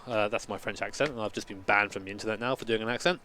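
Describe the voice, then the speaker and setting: A man's voice: mid-range voice, fast talker, few pauses, a bit bright, a little hiss or hum. A man in his late twenties, a sim racing streamer chatting casually with swearing and rambling stories. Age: late 20s. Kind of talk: casual live-stream chat.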